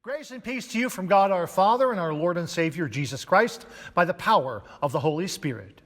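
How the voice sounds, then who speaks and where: A middle-aged male pastor preaching a sermon in an emphatic way, with dramatic pauses and big swings in loudness. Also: high voice, animated. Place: church sanctuary. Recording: long church reverb.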